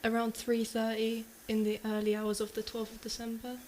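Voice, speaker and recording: A woman's voice: on the high side, monotone, normal speed, a little mellow, a little hiss or hum, low-quality recording. A woman co-hosting a casual true-crime show, retelling a case in a hesitant way full of "like" and "you know".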